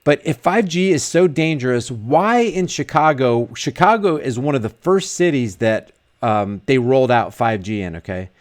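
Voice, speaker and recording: A man's voice: medium pitch, lively intonation, normal speed, few pauses. A man vlogging casually, reading viewer comments aloud and rambling with frequent restarts and repeated words. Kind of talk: casual live chat.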